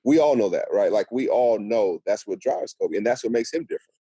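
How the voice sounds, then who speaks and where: A middle-aged man from Seattle, telling stories as a podcast guest in a lively way and acting out what others said. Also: fairly low pitch, a little fast, slightly rough, no echo. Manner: animated storyteller acting out quotes. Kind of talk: casual podcast storytelling.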